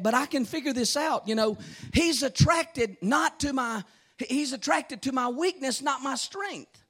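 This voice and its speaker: A man preaching a fervent sermon, repeating phrases and breaking into shouts. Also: high-pitched.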